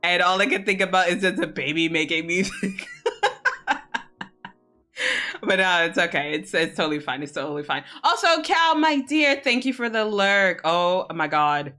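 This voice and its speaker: A woman's voice: lowish voice, expressive, normal speed, bright, forceful tone. A young adult woman chatting casually on a live stream, laughing often and swearing freely. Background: faint music.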